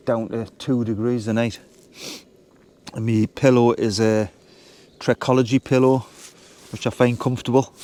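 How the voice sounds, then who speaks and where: A man, chatting casually in a relaxed, rambling way as he vlogs from a woodland wild camp. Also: mid-range voice. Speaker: vlogger. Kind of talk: casual outdoor vlog talk. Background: birds and woodland ambience.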